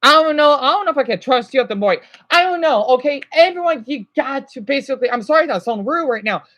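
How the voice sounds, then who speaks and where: A man's voice: very high-pitched, expressive, fast, bright, forceful tone. A stressed man vlogging, ranting to his viewers in an agitated, rambling way, swearing and then apologizing. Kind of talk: unscripted emotional rant to viewers.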